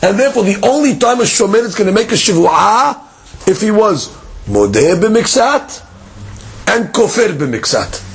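A man teaching a Talmud class, moving between quick Hebrew text reading and explanation while acting out the claims in a case. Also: high voice, vocal fry, husky. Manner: lively, leaps between English and Hebrew text reading, acts out case dialogues.

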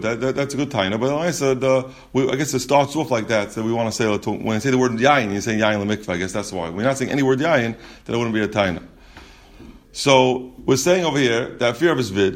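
Man teaching a halting Talmud class. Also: medium pitch. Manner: halting, repeats words and restarts often; explains step by step, asks and answers questions.

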